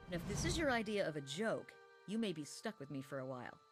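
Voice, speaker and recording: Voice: mid-range voice, big pitch swings, quick pace, faint music behind, lightly acted. An actor voicing a wary, dry-spoken traveler in a fantasy game. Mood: skeptical. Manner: dry, skeptical.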